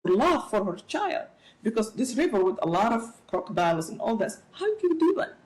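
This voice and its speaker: A middle-aged woman speaking as an interview guest, giving animated, preachy advice with playful asides. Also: medium pitch, fairly quick, rough recording. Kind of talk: casual interview talk.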